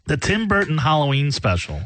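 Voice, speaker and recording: A man's voice: a little high, big pitch swings, a little fast, a bit bright. A male podcast host chatting casually, cutting in to prompt his guest. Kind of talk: casual chat.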